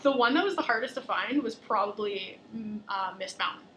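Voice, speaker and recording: A young adult woman hosting a podcast, telling a travel story in lively, casual chat full of fillers. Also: mid-range voice, brisk. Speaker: podcast host.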